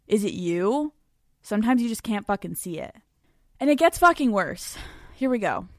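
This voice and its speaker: A woman's voice: mid-range voice, expressive, moderate pace, no echo, studio quality. A young woman hosting a podcast, talking bluntly and emphatically with lots of swearing, in a casual chat and rant. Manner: blunt, heavily profane, emphatic rants. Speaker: podcast host.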